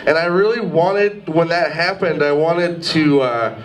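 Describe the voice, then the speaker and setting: High-voiced young man doing stand-up. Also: a little slow, background noise. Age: 20s. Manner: rambling, self-deprecating, lots of "like". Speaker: stand-up comedian. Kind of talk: stand-up comedy set. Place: pub stage with live audience. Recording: distant mic, audience laughter.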